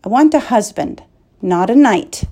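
A woman's voice: mid-range voice, expressive, unhurried, warm tone, husky. A woman voicing a passionate young princess who speaks pleadingly and emotionally, in a storybook reading.

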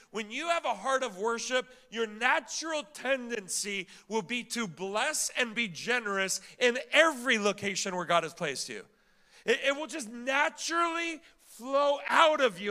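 A man's voice: high voice, sharp tone. A male pastor preaching a sermon, emphatic, asking the congregation rhetorical questions and repeating words as he builds each point.

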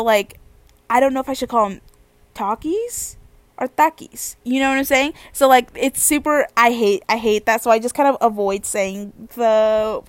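A young woman telling a casual story as a vlogger, animated and slangy, swearing freely. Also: fairly high pitch, no echo.

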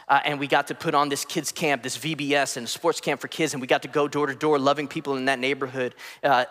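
A man preaching a sermon as pastor, swinging between impassioned emphatic peaks and soft drops, with casual storytelling asides and fillers to his congregation. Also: a little high, big-room sound.

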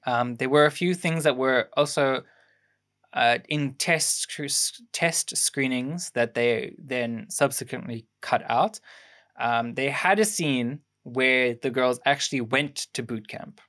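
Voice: mid-range voice, slow pace, a bit bright. A young adult podcast co-host chatting casually about a film, rambling through production facts with lots of ums and restarts. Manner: rambling, fact-sharing with many ums and restarts. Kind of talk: casual film review chat.

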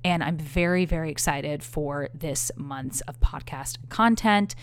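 A young woman hosting a podcast alone, telling a dating story in a candid, profane, animated way. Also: low-pitched, measured pace, clear, resonant tone. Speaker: podcast host. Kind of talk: casual storytelling monologue.

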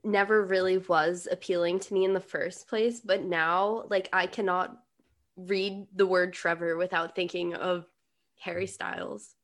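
A woman's voice: on the low side, fairly even intonation, unhurried. A woman co-hosting a casual chat, adding jokey asides about a film. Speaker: podcast co-host. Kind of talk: casual movie recap chat.

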